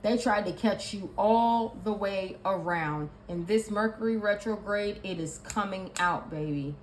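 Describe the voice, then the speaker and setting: A woman gives a tarot reading in an emphatic, repetitive way, hammering her points home one after another. Her voice sits at a middling pitch. The room around her is echoey, with faint background noise underneath. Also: a little slow. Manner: emphatic and repetitive, listing card meanings. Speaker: tarot reader.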